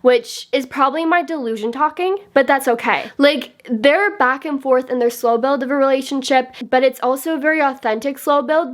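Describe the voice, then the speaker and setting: A woman talking straight to camera about books she loves, eager and rambling, with a lot of "like" between her thoughts. Her voice sits a little high. It is an unscripted, casual review. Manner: gushing, enthusiastic and chatty, full of "like". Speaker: book vlogger.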